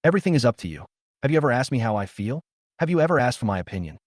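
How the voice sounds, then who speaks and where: A man's voice: mid-range voice, very animated, very fast, no echo, clean studio sound. A man voicing a bitter, resentful young street vendor.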